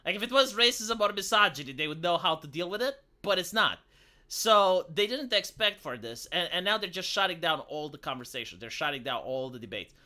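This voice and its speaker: A man's voice: high voice, big pitch swings, fairly quick, pushed and bright. A man in casual live-stream chat, talking animatedly and dropping into mocking impressions.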